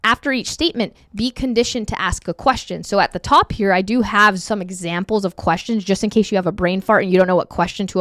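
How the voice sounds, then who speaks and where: Brief: woman sales trainer on a video call, smooth clear voice, casual coaching tone. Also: mid-range voice, fairly bright tone, no room sound, studio quality. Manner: upbeat and conversational, acts out sample calls. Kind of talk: screen-share training session.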